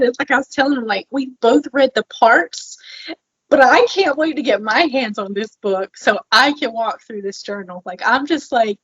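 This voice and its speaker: A woman co-hosting a podcast, chatting in an animated, bubbly way. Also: on the high side, moderate pace, husky, no room sound, lo-fi sound. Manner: animated, bubbly, laughs often. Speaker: podcast co-host. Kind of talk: casual podcast chat.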